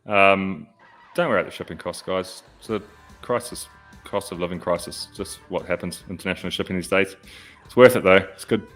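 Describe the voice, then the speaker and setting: A man's voice: deep voice, a little fast, fairly bright tone, soft background music. A man hosting a podcast, talking in a laid-back, blunt way with crude humour. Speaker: podcast host. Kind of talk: casual chat.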